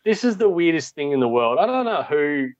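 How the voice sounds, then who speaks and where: A man's voice: fairly high pitch, big pitch swings, a little fast, lo-fi sound. A man, a zookeeper guest on a podcast, crude and rambling with many restarts. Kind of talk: casual podcast chat.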